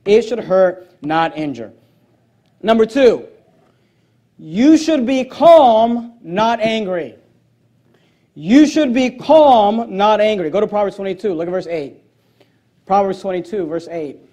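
High-voiced emphatic male preacher. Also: expressive, takes it slowly, long pauses, dark tone. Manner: emphatic preaching, reading scripture aloud; joking asides, voice jumping high on punch lines. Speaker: pastor. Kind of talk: sermon.

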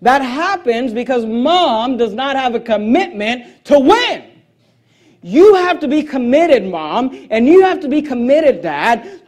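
A man preaches a sermon in a strikingly high voice. He drives his points home by repeating phrases and swells into loud, emphatic exhortations. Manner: emphatic, repetitive, building to raised exhortations.

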